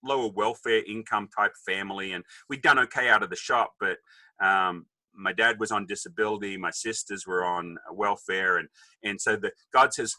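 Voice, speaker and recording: A man's voice: lowish voice, steady tone, moderate pace, bright, forceful tone, no room sound, low-quality recording. A man in his fifties with an Australian accent, telling a joking story as a podcast guest and acting out the people in it. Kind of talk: casual storytelling.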